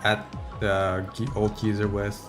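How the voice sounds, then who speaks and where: A man's voice: on the low side, monotone, measured pace, lightly acted. A man voicing a drunk, bullying male samurai thug, with crude, snarling delivery over game music. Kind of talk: reading game dialogue aloud.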